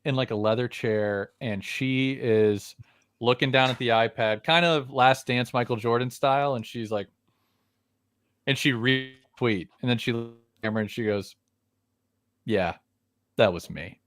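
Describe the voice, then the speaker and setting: A man's voice: medium pitch, normal speed, fairly bright tone, smooth. A man co-hosting a casual sports podcast, telling jokey stories and acting out little scenes. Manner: jokey storyteller, acts out scenes in mock voices. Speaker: podcast co-host.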